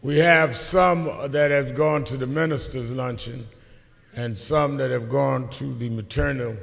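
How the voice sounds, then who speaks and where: Slow gravelly Brooklyn man in a hall. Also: medium pitch. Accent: Brooklyn New York. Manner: slow, rhetorical, repeated questions. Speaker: event host introducing a panel. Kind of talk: formal speech to a conference audience. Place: large conference hall. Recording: big hall with long reverb.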